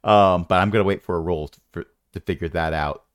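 A man's voice: low-pitched, a little fast, clean tone, dry recording, clean studio sound. A man narrating as game master in a tabletop game, wry and rambling with playful jokes.

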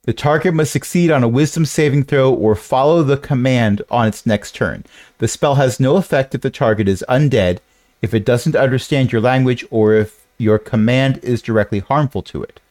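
A man as game master of a tabletop game, explaining rules and damage in a lively way. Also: medium pitch, moderate pace, no room sound.

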